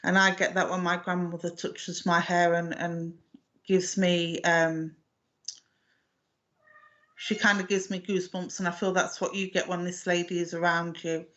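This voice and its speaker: A woman, working as a medium in a live online reading, speaking gently and affectionately with many hesitations and restarts. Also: fairly low pitch, little pitch movement, a little slow, muffled recording. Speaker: psychic medium.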